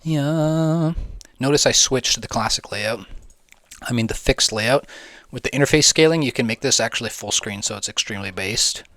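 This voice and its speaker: A man's voice: mid-range voice, a little fast, pushed and bright, no echo. A young man giving casual, rambling gameplay commentary, slangy, jokey and swearing freely. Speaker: gaming video host.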